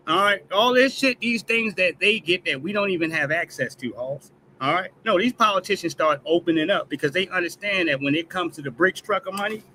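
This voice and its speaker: A man hosts his own news commentary stream, delivering a profane, emphatic rant and capping almost every line with "all right?". His voice sits slightly high and comes across bright and forceful, with in his speech. A faint hiss of background noise runs under the audio. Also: rough recording.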